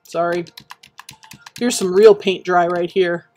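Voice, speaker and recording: A woman chatting casually while building in a game, rambling and reminiscing with many pauses and fillers. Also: lowish voice, steady tone, darkish tone. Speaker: Minecraft streamer.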